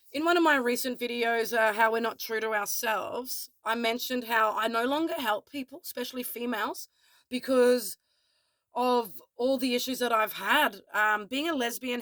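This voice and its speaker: A woman's voice: fairly high pitch, dry recording. Candid, swearing Australian woman vlogger. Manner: candid, swears freely, animated retelling. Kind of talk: casual storytelling vlog.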